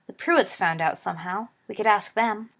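A woman reading aloud, voicing a loud, indignant teenage wizard boy. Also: mid-range voice, fairly quick. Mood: plotting. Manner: indignant, then mumbling.

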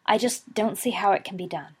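A woman's voice: mid-range voice, fairly quick, husky. A woman voicing a worried, hesitant middle-aged father. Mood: anxious.

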